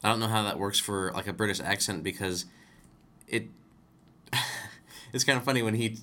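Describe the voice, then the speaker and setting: A man's voice: fairly low pitch, moderate pace, bright, forceful tone. A man co-hosting a casual film discussion, rambling and correcting himself as he explains. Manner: rambling, self-correcting, chuckles while explaining. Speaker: podcast co-host.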